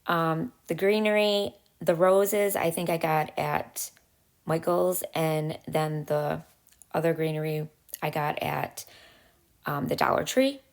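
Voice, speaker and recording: A woman with a low voice and a gravelly, fry-edged tone walks through a craft project step by step. She sounds chatty and relaxed, pausing often with little fillers. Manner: chatty, step-by-step, frequent "um" pauses. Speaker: craft channel host. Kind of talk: casual craft tutorial voice-over.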